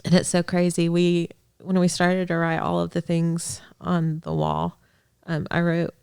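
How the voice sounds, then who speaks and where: Heartfelt woman with a gravelly fry. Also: lowish voice, monotone, a little slow, no echo, studio quality. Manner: earnest and heartfelt, with soft laughs and restarts. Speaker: podcast guest, ministry director. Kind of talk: personal faith testimony in conversation.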